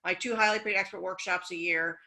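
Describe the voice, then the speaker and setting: A woman's voice: lowish voice, steady tone, brisk, sharp tone, rough recording. A woman guest on a business podcast, talking frankly and encouragingly in casual conversation.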